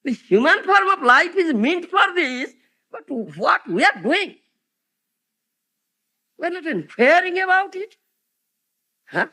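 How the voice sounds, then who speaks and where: A man's voice: very high-pitched, sharp tone. A man giving a devotional lecture as a spiritual teacher, peppering it with rhetorical questions like "huh?" and "isn't it?" to his audience.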